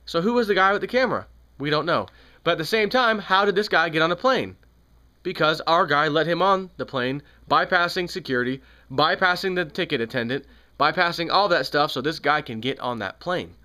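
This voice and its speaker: A man's voice: a little high, brisk, pushed and bright. A man giving an angry, sarcastic political commentary on his own channel, repeating points with rising heat. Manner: heated, sarcastic, repetitive. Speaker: video commentator.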